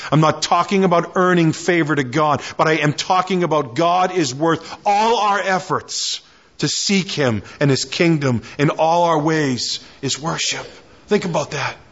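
A man's voice: mid-range voice, husky, muffled recording. A man preaching a sermon, building in fervor through repeated lines and prayers. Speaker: pastor.

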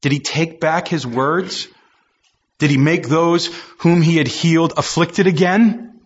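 A male preacher with a slightly high, husky voice delivers a sermon. He reads scripture and acts out the people in it, climbing to impassioned peaks. The recording is dull and lo-fi. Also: a little slow. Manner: rising to impassioned high-pitched emphasis, acting out quoted voices.

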